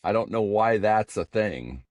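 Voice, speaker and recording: An older man with a lowish voice trading playful jokes as a podcast co-host. His delivery is animated and full of pitch swings, and the recording is dry and close. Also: dry recording. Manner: jokey, playful banter with quick laughs. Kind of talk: casual comedic chat.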